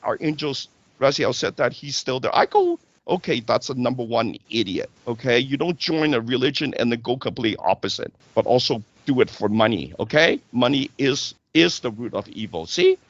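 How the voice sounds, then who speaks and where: Gravelly guy preaching on a talk show, voice jumps all over, kinda dull lo-fi sound. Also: medium pitch, very animated, fairly quick, hardly any pauses, fairly bright tone, no echo. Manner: preachy, repeats "right?" and "okay?". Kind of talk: casual spiritual talk.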